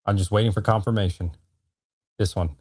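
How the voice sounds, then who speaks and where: A man in his thirties talks loosely and jokingly to his live chat, full of slang. His voice sits a bit low. The sound is dry and close, with no room echo. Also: steady tone, fairly quick, a little mellow. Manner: laid-back slangy talk, frequent "bro" and laughter. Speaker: streamer selling and opening trading cards. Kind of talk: casual live-stream chat.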